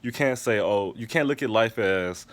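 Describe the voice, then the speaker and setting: A man's voice: lowish voice, moderate pace. Emphatic, profane man reviewing TV. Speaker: TV episode reviewer. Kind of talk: casual recap and review monologue.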